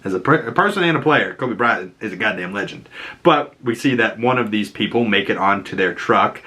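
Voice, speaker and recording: A man's voice: lowish voice, expressive, fairly quick, bright, forceful tone. A man giving casual, chatty reaction commentary on a movie trailer, laughing often.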